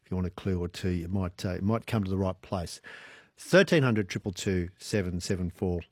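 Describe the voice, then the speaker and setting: A man's voice: deep voice, brisk, slightly rough, no room sound, studio quality. A man with an Australian accent hosting an evening radio show, chatty and playful, laughing easily. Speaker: radio host. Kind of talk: casual radio chat. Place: radio studio.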